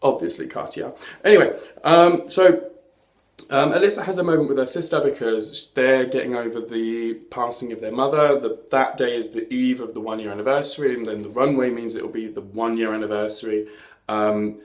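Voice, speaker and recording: A man hosts a casual TV recap chat, camp and chatty, peppered with sassy asides. His mid-range voice is steady and a little fast. The room is echoey.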